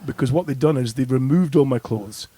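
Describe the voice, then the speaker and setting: A man on a podcast telling a drunken party story with animated, swearing delivery and acted-out reactions. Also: mid-range voice, fairly quick, breathy edge. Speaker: podcast co-host. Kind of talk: casual chat, anecdotes.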